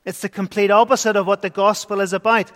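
A man preaches with a notably high voice, earnest and rising into emphatic bursts. His words ring out with a long church reverb trailing behind. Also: flat delivery, quick pace, fairly bright tone. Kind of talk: sermon.

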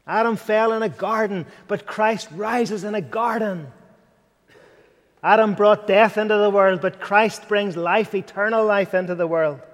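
A man's voice: sits high, steady tone, unhurried. A man preaching an earnest sermon, rising to fervent and dropping to near whispers. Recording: long hall reverb.

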